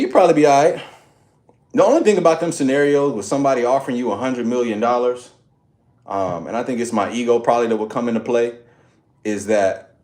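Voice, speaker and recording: A man's voice: mid-range voice, darkish tone. A man chatting casually with his live audience during a workout, laid-back and joking. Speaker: fitness streamer. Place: home workout space, indoors.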